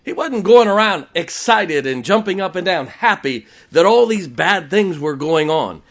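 Pastor, male, slightly high voice, punchy sermon delivery. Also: lively intonation, a little slow, fairly bright tone. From West Virginia. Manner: emphatic preaching, voice rising and falling, repetitive for effect.

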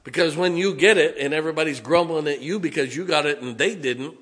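A man's voice: on the high side, a little fast, a bit bright. A middle-aged man preaching a sermon as pastor, folksy and joking, sometimes mocking whiny voices.

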